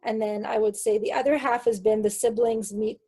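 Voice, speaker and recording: A woman guest in an interview, a caregiver coach who talks in an earnest, halting way with many restarts. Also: fairly high pitch, fairly even intonation, warm tone, slightly rough. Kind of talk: casual interview chat.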